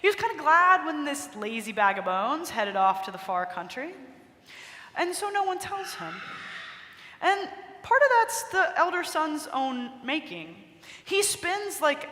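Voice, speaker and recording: High bright-voiced woman preacher in echoey cathedral. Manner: conversational storytelling, expressive. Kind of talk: sermon. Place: large cathedral.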